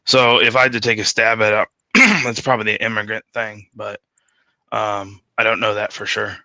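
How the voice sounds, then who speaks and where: A laid-back guest who hesitates and laughs through a casual chat. His voice is very bright and forceful. The sound is dry and close, with no room around it. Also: on the low side, steady tone, moderate pace, no echo. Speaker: podcast guest.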